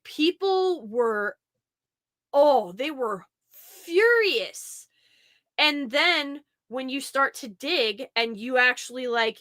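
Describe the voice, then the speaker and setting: Bright, animated young-sounding woman host. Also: on the high side, no echo. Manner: animated, quotes others in mock voices, frequent "like" fillers. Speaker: podcast host. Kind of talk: casual chat.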